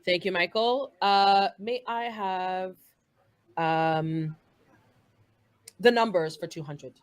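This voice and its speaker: A woman's voice: on the low side, slow pace. A woman playing an online trivia game, polite and a little hesitant when picking squares. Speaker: trivia player, transplant recipient. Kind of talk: casual game play.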